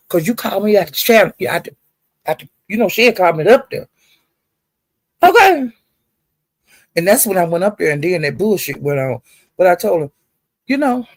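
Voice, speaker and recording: Gravelly woman ranting, profane and animated. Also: mid-range voice, normal speed, long pauses, no echo. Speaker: livestreamer. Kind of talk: casual storytelling rant.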